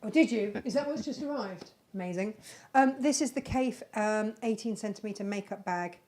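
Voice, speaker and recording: A crafter on a live channel chats away about handmade bags she's selling, rambling and plainly fond of what she makes. Her mid-range voice moves at a moderate pace and has a slightly mellow quality.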